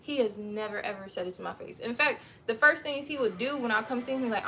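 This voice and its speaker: A young adult woman telling a heated personal story in casual livestream chat, profane and animated, acting out what people said. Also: fairly high pitch, quick pace, hardly any pauses, faint music behind. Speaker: livestream host.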